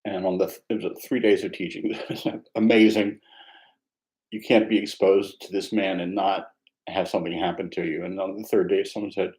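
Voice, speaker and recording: Man, meditation teacher, low mellow voice, reflective, conversational, self-mocking humor. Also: fairly even intonation, moderate pace, poor audio. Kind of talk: mindfulness dharma talk.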